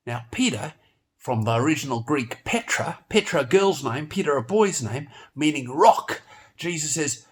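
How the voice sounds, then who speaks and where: A man teaching a children's Bible lesson, telling the story in a playful, animated way and exclaiming often. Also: fairly high pitch, normal speed.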